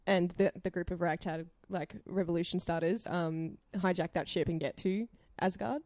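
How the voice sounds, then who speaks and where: Co-host, woman, lower pitch, dry close mic, relaxed and keen. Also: normal speed, no echo. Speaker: podcast co-host. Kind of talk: casual chat.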